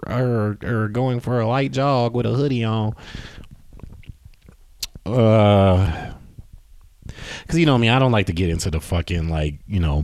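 A man's voice: lowish voice, a little mellow, no echo. A man hosting a solo podcast from home, rambling and swearing, often losing his train of thought. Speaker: podcast host. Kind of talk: casual solo podcast monologue.

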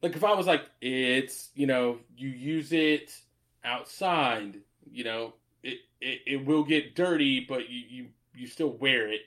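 A man's voice: mid-range voice, a little slow, fairly bright tone. A man telling stories in casual chat, rambling and swearing freely, laughing often.

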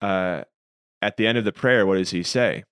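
A man's voice: low-pitched, moderate pace, fairly bright tone, clear, resonant tone. A man co-hosting a casual faith discussion, speaking in an earnest, reflective and explanatory way. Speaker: podcast co-host.

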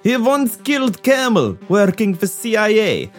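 Guy putting on a solemn kgb agent, fake russian accent, slow and dramatic, pitch swoops around a lot. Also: huge pitch swings, faint music behind, exaggerated voice. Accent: put-on Russian, dropping articles. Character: solemn male KGB agent narrating his mission.

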